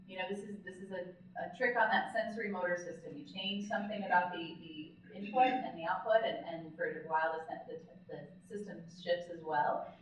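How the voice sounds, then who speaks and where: A woman's voice: on the low side, fairly even intonation, fairly quick, slight background noise. Woman lecturing in a very echoey hall. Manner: conversational, often checks in with "okay?"; demonstrates voice techniques as she explains them. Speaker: speech-language pathologist presenting a workshop. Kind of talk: live conference lecture. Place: large conference hall. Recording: very echoey hall, distant, dull lo-fi sound.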